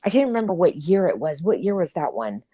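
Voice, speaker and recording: A woman's voice: lowish voice, big pitch swings, fast, dark tone, slightly rough, dry recording. Upbeat female co-host, chatty with many ums, dry close-miked sound. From Nashville, Tennessee. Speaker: podcast co-host. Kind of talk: casual chat.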